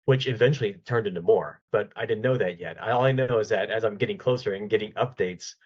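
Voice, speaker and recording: A man, a podcast guest, telling a lively anecdote in casual conversation, often restarting his sentences. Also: on the low side, fast talker, breathy edge, muffled recording. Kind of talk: casual storytelling in an interview.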